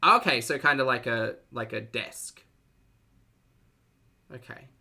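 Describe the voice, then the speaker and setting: A man with an Australian accent gives live-stream reaction commentary in a sarcastic, chatty way. His voice sounds bright and forward, and he reads out messages from viewers as he goes. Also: mid-range voice, expressive, slow pace, vocal fry.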